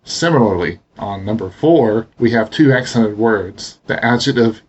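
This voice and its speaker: A man teaching a language lesson, explaining pronunciation slowly and deliberately. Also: on the low side, animated, a little mellow, breathy edge, highs cut off. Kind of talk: instructional narration.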